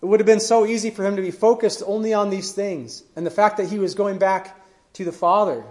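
A man preaching a sermon, retelling scripture stories earnestly and letting his voice fall to a hush at the ends of phrases. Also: high-pitched, a little fast.

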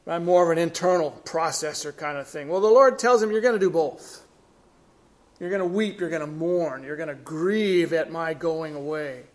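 A middle-aged man preaching a sermon, reading scripture and explaining it with earnest emphasis. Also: on the high side. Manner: earnest, rising emphasis then quiet falls.

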